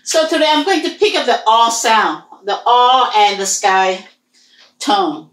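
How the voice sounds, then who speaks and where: A woman's voice: on the high side, expressive, unhurried, a bit bright. A woman whose first language is Hmong, teaching a language lesson and patiently repeating and drilling each sound. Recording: roomy echo.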